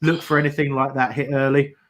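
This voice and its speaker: A man's voice: mid-range voice, flat delivery, brisk, a bit bright. A man giving casual running commentary on a football match, teasing his co-hosts. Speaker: watch-along co-host.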